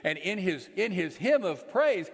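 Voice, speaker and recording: Man, preacher, sermon, earnest, unhurried delivery, phrase endings sinking soft and low, long echo of a big church. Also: big pitch swings. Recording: long reverb of a large hall.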